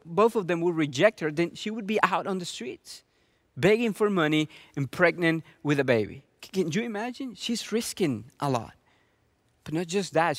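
High-voiced male preacher, earnest. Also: a bit bright, dry recording. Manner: earnest, with many rhetorical questions. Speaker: pastor. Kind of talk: sermon.

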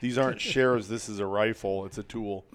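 A man's voice: fairly low pitch, steady tone, moderate pace, smooth. A man hosting a podcast in casual chat, rambling and chuckling, often restarting his sentences. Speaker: podcast host.

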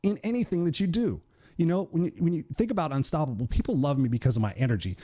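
A man's voice: fairly high pitch, fast, dark tone. Blunt, swearing motivational man. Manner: blunt, profane, direct. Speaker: podcast host and coach. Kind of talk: motivational monologue.

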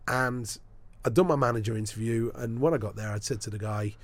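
Brisk and medium-pitched, this man is a sports broadcaster sharing stories in a podcast interview. He narrates with energy, slipping into the voices of the people he quotes.

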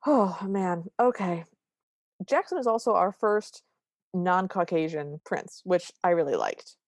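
A woman co-hosting a podcast, recapping a movie in wry, quick, casual chat. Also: lowish voice, animated, no echo, studio quality. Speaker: podcast co-host.

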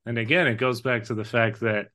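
A man's voice: medium pitch, fairly even intonation, brisk, sharp tone. A man co-hosting a casual film discussion, earnest and emotional, swearing casually now and then. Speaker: podcast co-host.

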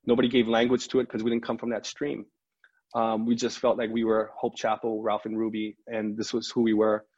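A middle-aged male pastor with a husky voice spins a lively story, slipping into the voices of the people he quotes. The recording sounds a little muffled and lo-fi. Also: fairly low pitch, a little fast. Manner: animated storyteller who acts out quoted dialogue. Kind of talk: storytelling in a podcast interview.

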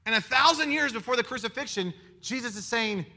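A man preaching a sermon in an animated way, firing rhetorical questions at his listeners. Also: extremely high pitch, brisk. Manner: animated, asks the audience many rhetorical questions.

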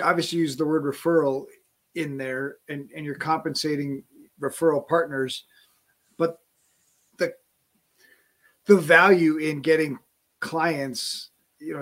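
A man hosting a podcast interview, asking questions in a friendly way with halting restarts. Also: on the high side, fairly bright tone. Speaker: podcast host.

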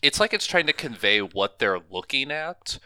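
A man co-hosting a casual podcast, excitedly retelling a film's scenes with frequent laughter. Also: mid-range voice, normal speed, no echo. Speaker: podcast co-host. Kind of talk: casual movie recap chat.

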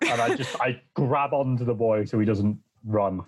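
A man playing a tabletop game, excitable and quick to swear as he reacts to the dice. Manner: excitable, swearing, jumps between low and high. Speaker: player. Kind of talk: casual tabletop game play.

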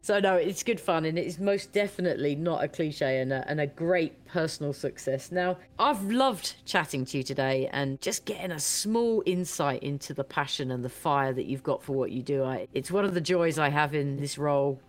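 Woman, low voice, chatty host who praises her guest freely. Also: animated, normal speed, hardly any pauses. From Britain. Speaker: podcast host. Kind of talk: conversational interview.

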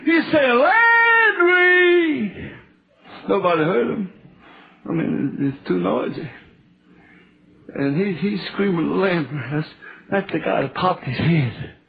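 A man preaching a testimony sermon with a Southern US accent, halting and repeating words, building to fervent shouts. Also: on the high side, animated, gravelly. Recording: tinny phone-like lo-fi recording.

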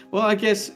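A man's voice: sits high, a bit bright. Rambling, laughing male podcast co-host. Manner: rambling, laughs often, playful. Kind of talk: casual chat.

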